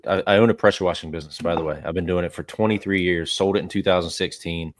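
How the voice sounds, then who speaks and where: A man hosting an interview podcast, chatting energetically with rambling asides. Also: low-pitched. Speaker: podcast host, business owner. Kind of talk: conversational interview.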